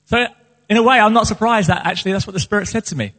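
A pastor preaches a sermon to his church in a high, fairly bright voice, racing along as he speaks earnestly and passionately about his calling. The recording carries a long hall reverb.

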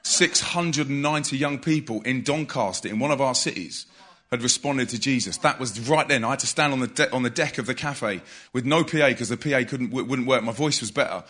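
A man preaching to a live audience, telling a story with energy and loud bursts of emphasis. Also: mid-range voice, a little fast. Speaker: youth evangelist.

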